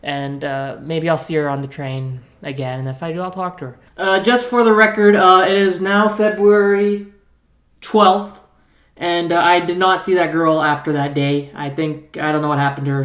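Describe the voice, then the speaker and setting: A man's voice: on the high side, fairly bright tone. A man in his twenties telling a story to camera in a rambling, self-mocking way, swearing freely. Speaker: vlogger.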